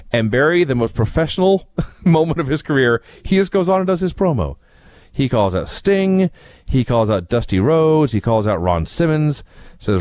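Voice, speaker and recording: A man recapping old wrestling shows in casual podcast chat, telling it with a dry, wry edge. His pitch moves around a lot as he tells a story. The sound is close and dry, with no room echo. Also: big pitch swings, measured pace, long pauses, a little mellow.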